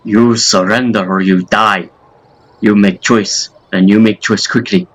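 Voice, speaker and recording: A man's voice: fairly low pitch, steady tone, a little slow, low-quality recording. A man putting on a Russian-accented hobgoblin brute. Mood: menacing. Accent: put-on Russian. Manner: threatening, broken grammar. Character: brutish impatient hobgoblin warrior, male, menacing.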